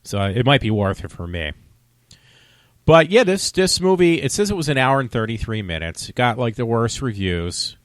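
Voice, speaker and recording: A man's voice: medium pitch, big pitch swings, moderate pace, dry recording, studio quality. A man vlogging a casual movie review, talking in a rambling, loose, conversational way.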